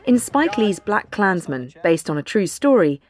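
A woman narrating a news feature in a measured, deliberate way. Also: mid-range voice, big pitch swings, soft background music. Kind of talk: scripted narration.

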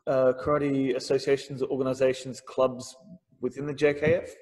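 This man hosts a podcast, recounting a story in a casual, chatty way and lively impersonating the people in it. He speaks at medium pitch and a moderate pace, and the audio carries a long hall reverb.

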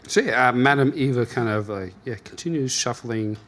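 A man's voice: medium pitch, moderate pace, fairly bright tone. A man hosting and narrating a tabletop game casually, laughing often and using many fillers. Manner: loose, laughing, filler-heavy. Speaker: game master and host.

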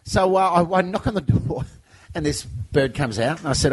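A man's voice: a little high, animated, normal speed, a little hiss or hum, rough recording. A man hosting a comedy podcast, telling a chatty anecdote and laughing often. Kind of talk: casual storytelling.

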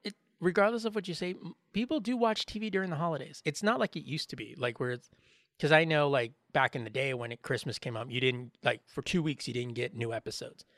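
A man's voice: on the high side, quick pace, fairly bright tone, no echo, clean studio sound. A man co-hosting a podcast in casual chat, rambling and joking, acting out what others said. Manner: rambling, joking, acts out quoted voices. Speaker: podcast co-host.

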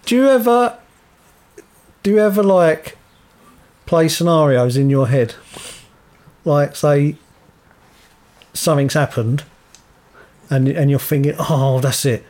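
A man's voice: a little high, slow pace, long pauses, darkish tone. A man co-hosting a podcast, chatting casually and breaking into laughter often. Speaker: podcast co-host. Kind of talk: casual chat.

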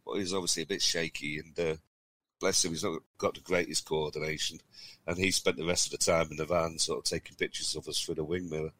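A middle-aged man with a low, bright and forceful voice tells rambling stories, chuckling as he goes. He co-hosts a casual podcast chat. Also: level tone, quick pace. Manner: rambling, chuckling anecdote-teller. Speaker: podcast co-host.

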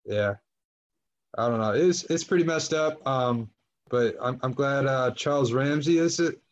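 A man hosting a podcast, laid-back and slow-talking, who swears casually. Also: mid-range voice, dull audio. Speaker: podcast host. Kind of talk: casual crude chat.

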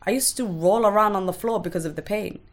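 Speaking fast with a medium-pitched voice, a woman guest on a podcast talks openly and bluntly about her own life, swearing freely as she gives candid personal testimony in conversation.

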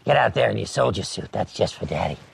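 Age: adult. Sex: man. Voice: a man doing a gravelly, leering showman called Daddy. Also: on the low side, expressive, quick pace, a little hiss or hum. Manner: leering, self-satisfied drawl. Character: sleazy gravelly male showman calling himself Daddy. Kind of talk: improv comedy character.

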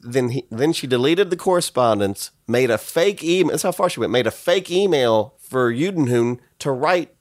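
A man's voice: mid-range voice, moderate pace, hardly any pauses, dry recording, studio quality. A man telling a profane comic story in a loose, crude, casual way. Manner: loose, crude, swearing, animated.

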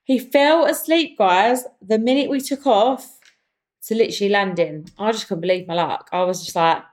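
A young woman, hosting her own podcast and telling a story in a casual, animated way, often calling her listeners "guys". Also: medium pitch, normal speed. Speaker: podcast host. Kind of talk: casual chatty monologue.

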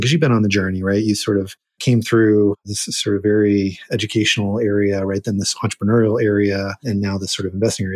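A man's voice: on the low side, creaky, darkish tone, slightly rough, no echo, studio quality. A man hosting a podcast, asking rambling, searching questions. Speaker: podcast host. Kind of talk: interview questions.

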